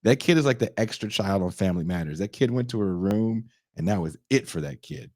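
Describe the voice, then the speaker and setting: A sarcastic young man hosts a podcast, recounting a film's plot with plenty of swearing and quick put-on voices for the characters. His voice sits fairly low but leaps up sharply whenever he mocks a scene. The recording is close and dry, with no room sound. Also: animated, a little mellow, dry recording. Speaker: podcast host reviewing a film. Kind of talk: casual comedic retelling.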